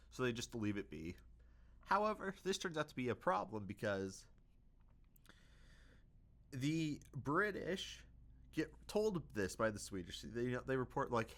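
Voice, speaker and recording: A man's voice: mid-range voice, expressive, unhurried, a bit bright. A young man hosting a casual history video, hesitant, with many fillers and self-corrections.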